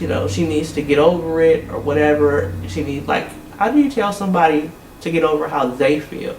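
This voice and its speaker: A man's voice: a little high, a little mellow, echoey room, far from the mic, a little hiss or hum, rough recording. A man giving a blunt, exasperated recap of a reality TV episode, swearing freely and talking casually.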